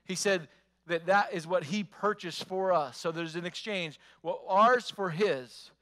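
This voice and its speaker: A man's voice: high-pitched, unhurried, a bit bright. A male pastor preaching a sermon, emphatic, repeating phrases and asking the congregation rhetorical questions.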